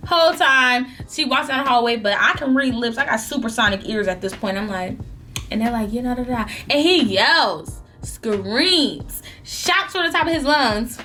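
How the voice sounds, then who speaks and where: A young woman vlogger telling a story in an animated, melodramatic way while eating, in a casual storytime chat. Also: on the high side, moderate pace, soft background music.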